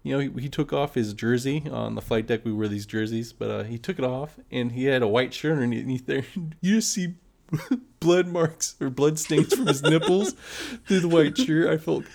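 A man's voice: mid-range voice, normal speed, gravelly, darkish tone. Young man laughing through a story. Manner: laughs often, acts out friends' voices. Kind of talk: casual storytelling chat.

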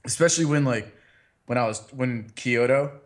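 A man's voice: medium pitch, moderate pace. A man hosting a casual chat, rambling and teasing his co-host with crude jokes and stammered restarts. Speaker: podcast host.

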